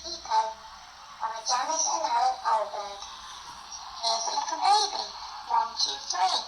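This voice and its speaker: Brief: high-voiced woman, rhythmic poem reading, distant and echoey, faint music. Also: lively intonation, measured pace, noisy background. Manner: sing-song, rhythmic. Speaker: school reader. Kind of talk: reading a children's poem aloud.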